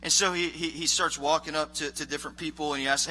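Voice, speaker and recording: A man preaching a casual, animated sermon as a youth pastor, acting out voices of characters. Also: mid-range voice, fast, few pauses.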